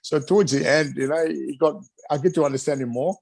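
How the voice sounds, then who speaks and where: A middle-aged man, a retired wrestler, chatting as an interview guest, animated and laughing often while acting out other people's voices. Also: on the high side, fast, gravelly, no room sound, low-quality recording. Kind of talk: casual storytelling interview.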